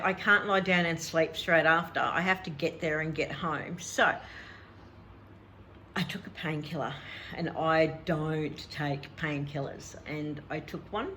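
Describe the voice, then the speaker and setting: A woman's voice: mid-range voice, bright, forceful tone, slight background noise. A middle-aged woman, chatting casually as a vlog host and laughing often as she tells a story. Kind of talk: casual chat.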